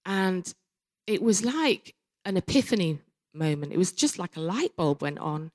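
A woman giving an earnest, candid personal testimony at a church talk, often trailing off softly mid-sentence. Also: fairly low pitch, very animated, measured pace. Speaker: church speaker sharing testimony.

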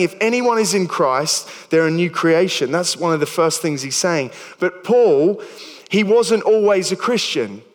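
A man's voice: high voice, big-room sound. A man in his thirties with an Australian accent, preaching a sermon in a chatty, stumbling way with self-deprecating jokes. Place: church hall.

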